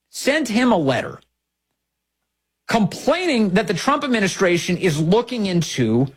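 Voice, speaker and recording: A man hosting a political talk show, delivering opinionated commentary with sarcastic, mocking emphasis. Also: breathy edge. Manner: sarcastic, mocking, swings pitch widely for emphasis.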